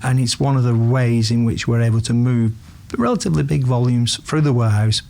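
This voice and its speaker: A man in a clip explaining his operations in a plain, even-pitched voice, stopping now and then to restart a word. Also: fairly quick, gravelly. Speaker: company executive, played clip.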